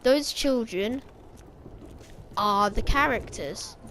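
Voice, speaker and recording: A fairly high-voiced woman rambling through game theories in a loose, casual way, stopping to correct herself mid-thought. Loud gunfire and game noise run steadily underneath her voice. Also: slow. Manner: rambling, self-correcting, speculative. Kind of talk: casual game-lore vlog commentary. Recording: game gunfire playing behind.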